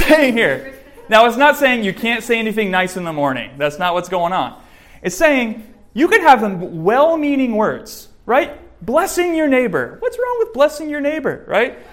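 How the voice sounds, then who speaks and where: High-voiced man preaching with lively humor. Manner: lively, joking preaching, varied pitch and loudness. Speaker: pastor. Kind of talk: sermon.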